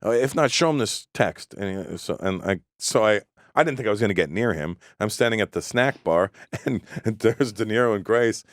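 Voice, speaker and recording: A man guesting on a talk show, chatting casually and telling profane, animated anecdotes. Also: lowish voice, normal speed, no room sound, studio quality. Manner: profane, storytelling, lively delivery. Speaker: comedian guest. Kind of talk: casual podcast chat.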